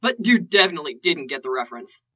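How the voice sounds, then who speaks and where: A woman's voice: low-pitched, big pitch swings, fast talker, fairly bright tone, breathy edge, pitched below the performer's own voice, heavily acted. A woman voicing a dry-witted young man who jokes and gets flustered, in a lo-fi recording. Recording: lo-fi dull recording.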